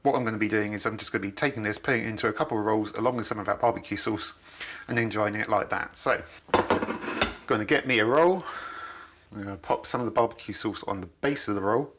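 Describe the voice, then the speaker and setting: A man's voice: on the low side, quick pace, a bit bright, slight background noise. A man, chatting enthusiastically while he cooks in his home kitchen for a video. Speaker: cooking vlogger. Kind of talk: casual cooking demonstration.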